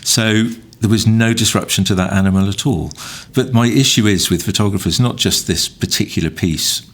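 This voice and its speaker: A man's voice: lowish voice, normal speed. A man co-hosting a photography podcast, talking bluntly and with exasperated asides about wildlife photographers. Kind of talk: casual podcast chat.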